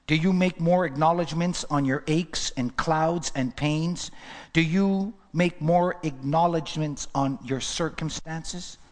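A man preaching a sermon in a church, asking the congregation question after question. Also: a little high. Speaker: pastor. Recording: long hall reverb.

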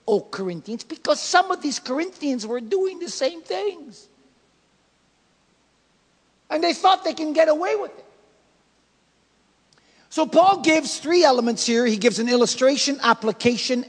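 Male pastor, very high voice, dynamic emphatic preaching, long church reverb. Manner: emphatic preaching with sudden loud and soft swings. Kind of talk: sermon. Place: church sanctuary.

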